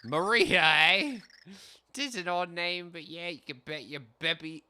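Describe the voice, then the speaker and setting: A man's voice: high-pitched, a little slow, bright, forceful tone, clear, resonant tone, pitched above the performer's own voice, heavily acted. A man voicing a big, boastful bearded warrior in a hammy, put-on mock Irish accent, reading lines from a video game. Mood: taunting.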